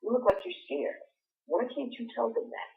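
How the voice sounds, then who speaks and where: A woman's voice: fairly high pitch, moderate pace, creaky. A middle-aged woman teacher, a guest on a radio talk show, tells classroom stories and acts out the voices in them. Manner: animated storyteller acting out quoted voices. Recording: phone-line call-in audio.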